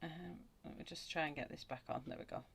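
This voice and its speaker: Chatty low-voiced Wigan woman. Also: fast talker, creaky, fairly bright tone, breathy edge. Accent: Wigan, Lancashire. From England. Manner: chatty, rambling, greets viewers by name. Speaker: colouring channel host. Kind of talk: casual chat while colouring on a live stream.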